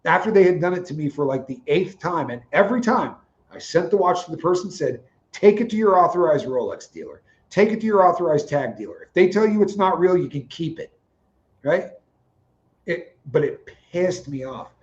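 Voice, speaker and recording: A man's voice: fairly high pitch, moderate pace, muffled recording. A man co-hosting a livestream, telling stories casually and acting out the dialogue in quotes. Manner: animated, acts out dialogue in quotes. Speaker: co-host of a livestream. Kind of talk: casual storytelling chat.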